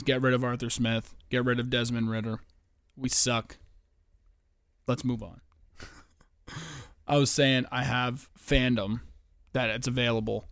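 A man's voice: medium pitch, clean tone, dry recording, studio quality. A man hosting a casual solo podcast, rambling with lots of fillers, restarts and swearing. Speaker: podcast host.

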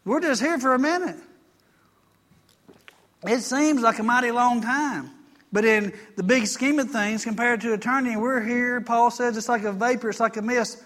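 This is a man preaching to his congregation. His voice sits high, and his delivery is folksy and plainspoken, with scripture read aloud and calls for an amen along the way. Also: normal speed, fairly bright tone. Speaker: pastor. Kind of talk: sermon.

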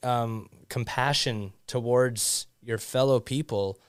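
A man speaking in a smooth, clear voice of middle pitch. He talks in an earnest, reflective way, often pausing and restarting his sentences. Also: fairly even intonation. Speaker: podcast co-host. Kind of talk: casual chat.

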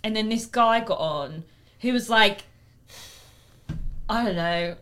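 A woman's voice: medium pitch, slow pace, a bit bright. A woman hosting a casual podcast chat, teasing her guest and laughing often. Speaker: podcast host.

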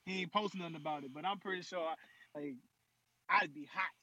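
A young man with a high, bright voice trades slangy banter in a casual podcast. A slight husk sits in his tone, and the recording sounds dull and lo-fi. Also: fairly quick, no echo. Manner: animated, laughing, slangy banter.

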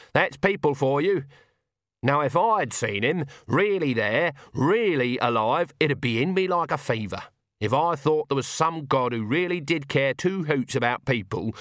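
A man's voice: on the high side, a bit bright, dry recording, studio quality, voice pushed up. A man voicing a stern, fierce old woman witch in an audiobook, with blunt, preaching rural speech. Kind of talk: audiobook character voice.

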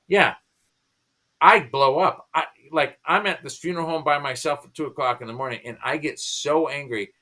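Bright-voiced man in his fifties. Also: on the high side, normal speed. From United States. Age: 50s. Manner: animated, restarts and repeats words. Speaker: guest, pastor and comedian. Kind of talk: conversational storytelling.

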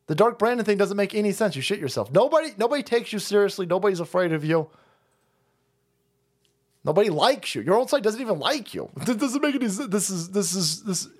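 Male streamer, high animated voice, foul-mouthed mocking rant. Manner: foul-mouthed, mocking, laughing, swings between loud and muttering. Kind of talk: profane political rant.

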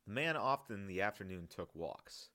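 A man reading his own novel aloud in a calm, measured audiobook narration. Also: lowish voice.

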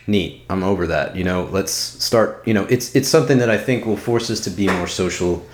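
A man co-hosting a podcast, chatting casually and swearing, with animated bursts. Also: low voice, moderate pace. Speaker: podcast co-host. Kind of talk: casual chat.

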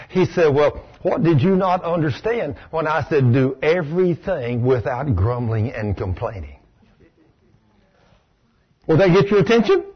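A man preaching a sermon to a live audience, telling folksy stories and dropping into a low hushed voice for quoted lines. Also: breathy edge, muffled recording. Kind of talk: sermon with storytelling.

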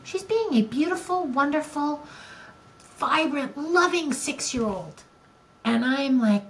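Candid older woman, slightly high voice. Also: lively intonation, a little slow, slight background noise, poor audio. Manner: candid and emotional, with many restarts. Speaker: podcast co-host. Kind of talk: casual conversation.

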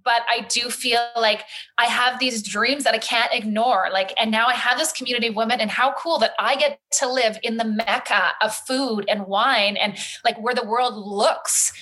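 A woman in her thirties or forties telling her story in casual conversation, animated and acting out the voices of others. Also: fairly high pitch, normal speed, rough recording. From Canada. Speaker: guest, community founder.

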